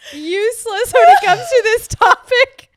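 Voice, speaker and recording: A young woman with a very high voice co-hosts a podcast, speaking at a moderate pace. She tells stories in casual chat, giggling a lot and narrating in an animated way.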